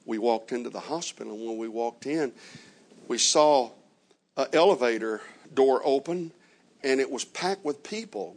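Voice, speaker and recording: A man preaching a sermon, slowly retelling a story with many reported quotes and dramatic pauses. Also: medium pitch, darkish tone. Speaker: traveling preacher.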